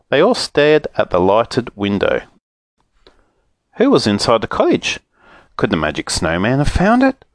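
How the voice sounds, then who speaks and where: A man narrating a children's story in a lively voice that rises and falls dramatically. His medium pitch sits in a dry, close recording with no room sound. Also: measured pace, pauses often, no room sound. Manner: expressive, animated reading. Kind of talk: storybook reading aloud.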